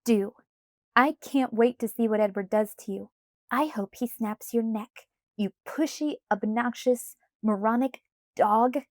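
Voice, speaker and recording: A sharp-tongued teenage girl, read by a woman, snaps her lines out louder and slower than the narration around them. The voice sits a little high with a soft, mellow color. It is recorded close and dry. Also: no room sound, lightly acted. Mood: furious. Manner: raised, emphatic, slow outbursts.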